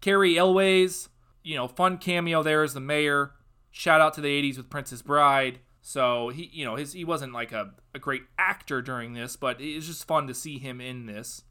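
A young man with a bright, forceful voice, pitched a little above most men. He talks casually as a podcast host and slides into loud, sarcastic, worked-up ranting. The tone is an opinionated review. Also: normal speed, smooth.

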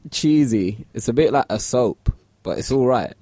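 A man's voice: mid-range voice, expressive, moderate pace, dark tone, no room sound. A man, co-hosting a casual podcast chat in an easygoing, repetitive way. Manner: easygoing, repeats himself. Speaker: podcast co-host.

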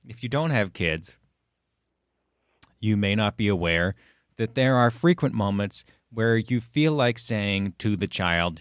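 A middle-aged man in casual conversation, telling family stories with relaxed, dry humor. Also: on the low side, unhurried, smooth, no echo. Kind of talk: casual chat.

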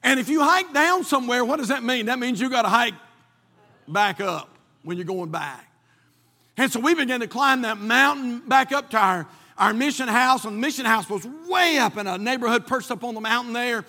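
A man's voice: extremely high pitch, expressive, moderate pace, bright, forceful tone, long reverb tail. A man from North Carolina, preaching a sermon and telling a folksy personal story with many restarts. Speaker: pastor.

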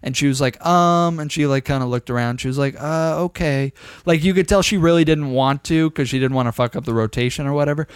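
A young man on a casual podcast, rambling through a story with lots of swearing and quoted dialogue. His voice is smooth and resonant, and the sound is dry and close, with no room around it. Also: mid-range voice, quick pace, hardly any pauses, no room sound. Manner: rambling, profane, animated storyteller. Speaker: podcast co-host.

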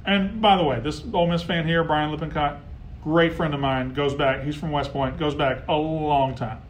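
A man hosting a casual live sports talk stream, heckling rivals and getting loud when riled. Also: on the high side, steady tone, normal speed, a little hiss or hum. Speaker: sports show host.

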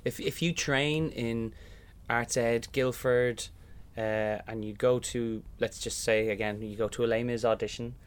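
A young man with an Irish accent talks easily in an interview. He tells stories and slips into quick voices for the people in them. His voice sits in a middle range. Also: mid-range voice, steady tone, smooth. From Ireland. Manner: chatty storyteller, acts out voices in anecdotes. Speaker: musical theatre actor, interview guest. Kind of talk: casual interview chat.

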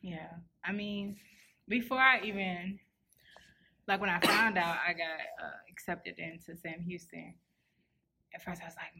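Relaxed young woman, slightly low voice. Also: measured pace, creaky, slight background noise. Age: 20s. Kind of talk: casual chat.

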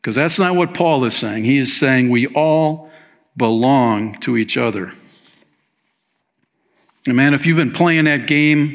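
Energetic preaching pastor, man. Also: mid-range voice, a little slow, long pauses. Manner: energetic preaching, rising and dropping for emphasis; direct rhetorical questions to the congregation. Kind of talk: sermon.

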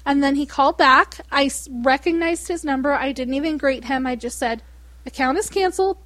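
A woman's voice: high voice, a little fast, no room sound. A woman hosting a casual chat, telling stories with lots of laughter and acting out customers. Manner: animated storyteller, laughs often, mimics callers.

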